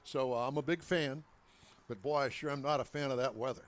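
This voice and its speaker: A man's voice: mid-range voice, fairly even intonation, brisk. A man co-hosting a car show, teasing the guests with wisecracks in casual chat.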